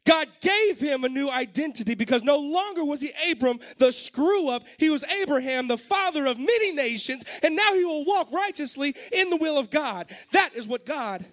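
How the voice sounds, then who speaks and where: A man preaching a sermon, moving between loud, fervent exhortation and quiet, personal storytelling. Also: very high voice, expressive, normal speed, hardly any pauses. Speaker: pastor.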